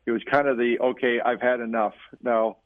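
Male coach, mid-pitch, teasing co-host, thin phone-line sound, dry. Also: steady tone, brisk, dry recording. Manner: teasing, encouraging interjections. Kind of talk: casual chat.

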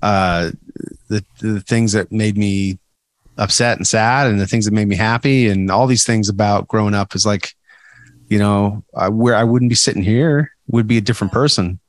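A man's voice: fairly low pitch, normal speed, no echo. Rambling male podcast co-host, dry sound. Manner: rambling, many restarts and fillers. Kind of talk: casual chat.

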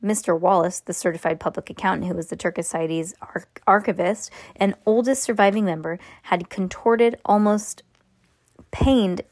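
A woman's voice: mid-range voice, moderate pace, a little mellow, dry recording. A woman reading a chapter book aloud to a child at home, stopping for asides, restarts and laughs. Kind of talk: casual read-aloud of a novel.

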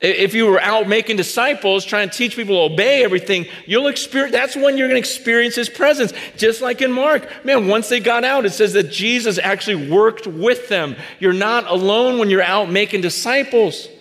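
Male pastor, high register, chatty sermon delivery with acted-out dialogue, echoing hall sound. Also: brisk, few pauses. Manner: conversational storytelling with many fillers and restarts; acts out dialogue, rising to shouts. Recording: reverberant hall.

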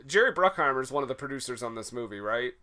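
A man's voice: mid-range voice, lively intonation, very fast, sharp tone. A man co-hosting a casual movie-review podcast, sarcastic and laughing often. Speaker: podcast co-host.

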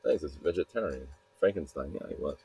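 A man's voice: rumbling low, lively intonation, fast talker, vocal fry, warm tone, husky, soft background music. A man hosting a podcast, retelling a story in a loose, rambling way, full of restarts and fillers. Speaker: podcast host.

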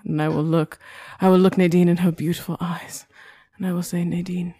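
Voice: mid-range voice, flat delivery, normal speed, dark tone, breathy edge, dry recording, studio quality. A player voicing a vain, scheming young nobleman who gives haughty orders about a staged proposal. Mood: gloating. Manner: haughty, commanding, stifles giggles. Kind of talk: tabletop role-play in character.

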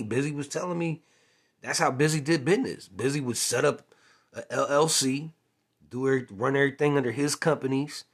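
Husky-voiced man telling a story. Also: on the high side, fairly bright tone. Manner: chatty, keeps adding "you know what I'm saying"; acts out past conversations. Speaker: former music manager. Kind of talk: casual storytelling monologue.

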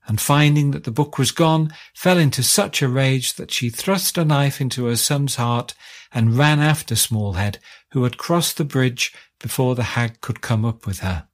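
A man narrating a folk tale aloud in a calm, steady storytelling manner. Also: mid-range voice.

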